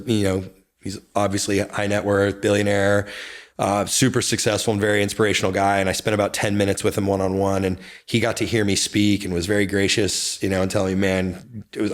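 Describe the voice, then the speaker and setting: A man speaking candidly as an interview guest, intense and confessional, with sudden excited bursts. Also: low voice. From United States. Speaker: guest, real estate brokerage founder.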